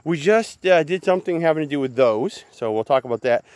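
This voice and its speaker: A man's voice: a little high, lively intonation, fairly quick, darkish tone, no echo. A man giving a casual, chatty walk-through of his garden outdoors, often calling the viewers guys. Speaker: gardening vlogger.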